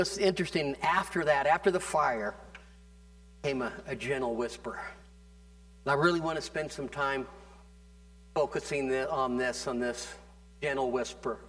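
A man's voice: on the high side, fairly bright tone. A man preaching a sermon, emphatic and repetitive, drawing out key phrases and calling for "amen" from the congregation. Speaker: pastor.

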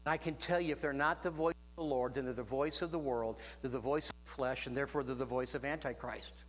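A man's voice: mid-range voice, steady tone, quick pace. A man preaching a sermon to a congregation, stretching phrases for emphasis and punctuating them with amens. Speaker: pastor. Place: church room with congregation.

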